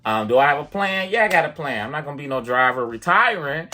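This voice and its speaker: Bright-voiced man telling a story. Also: fairly high pitch, fast. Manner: chatty, animated retelling with many fillers. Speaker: vlogger and piano teacher. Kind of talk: casual storytelling to the camera.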